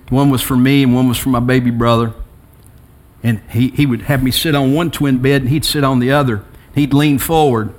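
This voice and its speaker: A middle-aged pastor preaches a sermon in a mid-range voice, weaving personal stories between quiet reflection and emphatic rises.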